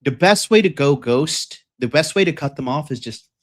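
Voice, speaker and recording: A man's voice: a little high, animated, normal speed. A young man hosting a livestream, talking bluntly and profanely in a rambling way with lots of fillers. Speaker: dating coach host. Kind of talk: livestream rant.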